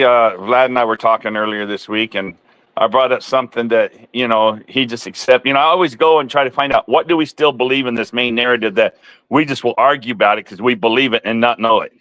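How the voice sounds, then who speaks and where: A man's voice: medium pitch, a bit bright, dry recording, low-quality recording. Older man, livestream host, casual chat, addresses viewers, laughs, dry sound.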